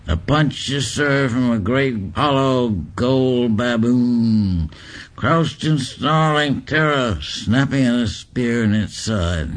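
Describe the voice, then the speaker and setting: Slow, deadpan male reader. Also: medium pitch. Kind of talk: reading literary prose aloud.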